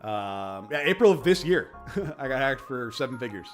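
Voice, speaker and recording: A man's voice: mid-range voice, big pitch swings, moderate pace, faint music behind. Profane, emphatic man streaming. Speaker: crypto streamer. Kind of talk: casual livestream chat. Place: home office.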